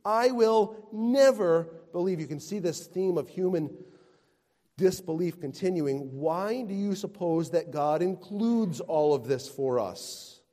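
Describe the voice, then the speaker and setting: Man, pastor, sermon, slow deliberate delivery, hushed then booming, long church reverb. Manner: swings from hushed tenderness to loud emphatic declaiming. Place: church sanctuary. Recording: long reverb of a large hall.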